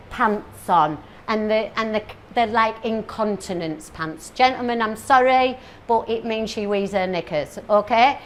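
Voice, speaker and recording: Playful chatty woman speaker. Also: medium pitch. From northern England. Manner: chatty, playful, teasing the audience with questions and asides. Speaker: motivational speaker. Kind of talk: comic motivational talk to a live audience.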